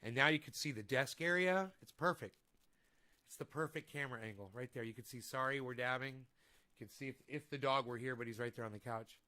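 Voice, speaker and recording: The voice is a man's, mid-range, brisk and sharp. He's a vlogger doing a laid-back live stream from a home room with a desk, picked up by a desk microphone, and his rambling, profane talk turns into heated ranting.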